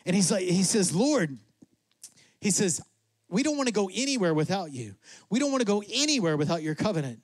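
A man preaching with a high voice and lots of energy. He acts out God and Moses in quick asides. The sound is dry and close. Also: sing-song, dry recording. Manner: drops to a soft, low voice for emphasis. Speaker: pastor. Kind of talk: sermon.

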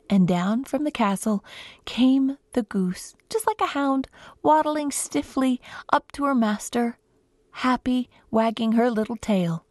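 A woman guest storyteller telling a folk tale to children in an expressive, lilting way, close to the mic. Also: a little high, dry recording.

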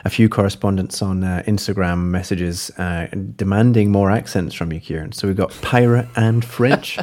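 A man co-hosting a podcast in casual chat, jokey and quick to laugh. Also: deep voice, fairly even intonation, a little mellow. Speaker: podcast co-host.

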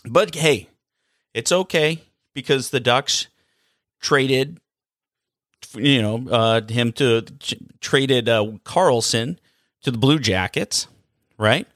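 A man rants about hockey in a loose vlog style, sarcastic and animated with plenty of rhetorical questions. His voice sits at an ordinary middle pitch. The sound is dry and close. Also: slow, pauses often, dry recording. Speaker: hockey vlogger. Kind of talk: casual opinion rant.

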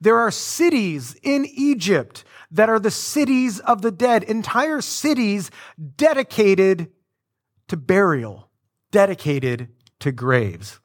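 Male pastor, higher voice, animated and conversational from the pulpit. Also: slow. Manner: conversational, animated, with asides to the congregation. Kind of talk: sermon.

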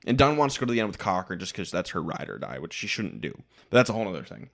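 A man talking through a reality-show recap on a podcast, his pitch bouncing around a lot as he goes. He is blunt and opinionated, with a casual, conversational delivery. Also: big pitch swings, very fast, gravelly, fairly bright tone. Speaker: podcast co-host.

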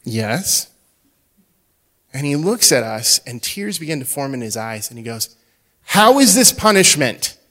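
Man, middle-aged, pastor, sermon, storytelling, hushed to loud swings, average pitch. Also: animated, unhurried, long pauses.

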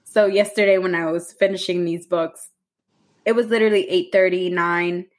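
A woman's voice: lowish voice, steady tone, moderate pace. A woman co-hosting a book podcast, chatting casually and rambling with lots of fillers. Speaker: podcast co-host.

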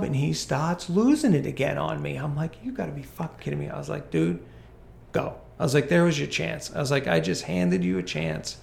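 A man hosting a podcast, swearing freely as he tells an animated workplace story in casual chat. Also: on the high side, brisk, creaky, reverberant. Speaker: podcast host, golf course superintendent.

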